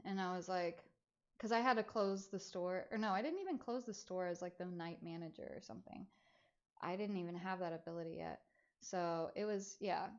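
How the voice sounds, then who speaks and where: A woman streamer chatting casually as she tells a personal story, full of rambling fillers. Her voice sits in a middle pitch. The stream audio sounds a bit dull and muffled. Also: normal speed. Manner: rambling, filler-heavy, animated retelling.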